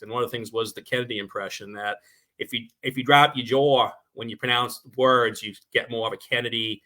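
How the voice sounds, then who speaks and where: A man with a New York accent talks fast through his stories, his voice nasal and bright with a forceful edge. He chats as a guest on a talk show, animated and quick. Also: mid-range voice. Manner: fast-talking, animated storyteller. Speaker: guest filmmaker. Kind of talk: casual talk-show chat.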